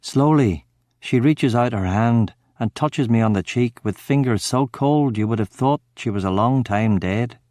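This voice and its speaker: A man giving steady, measured first-person narration of a crime novel audiobook. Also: medium pitch, no echo, clean studio sound.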